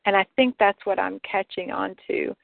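A woman talking reflectively in a casual conversation, halting and restarting, with light laughs. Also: medium pitch, steady tone, creaky, dry recording. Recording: tinny phone line.

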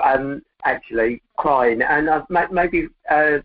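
A man calling in to a live show, speaking hesitantly and haltingly with many restarts. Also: fairly high pitch, no room sound. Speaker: caller. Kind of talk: call-in conversation. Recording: tinny phone line.

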